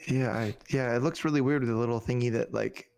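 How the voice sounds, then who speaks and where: A man with a gravelly, fry-edged voice co-hosting an easygoing podcast over a video call from home. He hedges his points with "I mean" and "like." His pitch sits in the middle range. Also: quick pace. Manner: relaxed, hedging with "I mean" and "like". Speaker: podcast co-host. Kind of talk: casual podcast chat. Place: home room with a bike on a stand behind him.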